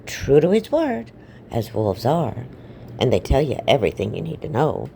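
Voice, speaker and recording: A woman tells a fairy tale in a loose, rambling, irreverent way, tossing in offhand asides. Her voice is very low and dark, yet swings widely in pitch as she goes. Faint noise sits beneath. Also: sing-song, normal speed, vocal fry. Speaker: storyteller. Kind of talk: casual comic storytelling.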